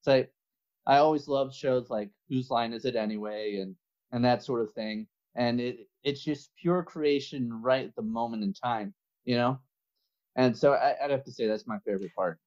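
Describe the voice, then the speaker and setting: A man's voice: mid-range voice, normal speed, darkish tone. Man's chatty voice on a lo-fi line. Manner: laughs often while telling stories. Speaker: podcast guest. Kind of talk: casual interview chat.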